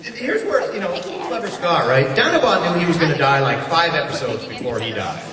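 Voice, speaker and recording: A man's voice: on the high side, brisk. A man, a voice actor, joking with a convention audience and acting out quoted voices as he tells stories. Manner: jokey, animated, laughing, acts out quoted voices. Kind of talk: lively convention panel talk. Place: large convention hall with audience. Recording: echoey hall taped from far off, loud crowd and noise.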